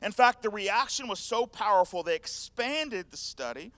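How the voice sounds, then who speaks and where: A man preaching a sermon, retelling scripture in an animated, conversational storytelling manner. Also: high voice, normal speed, no echo. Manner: animated storytelling, acting out scenes. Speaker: pastor.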